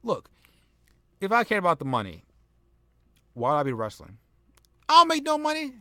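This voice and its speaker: A man doing a cocky, high-pitched young wrestler. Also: wildly swooping pitch, normal speed, no room sound, clean studio sound, exaggerated voice. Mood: defiant. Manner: loud, cocky and profane. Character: brash young male wrestler, broke and proud.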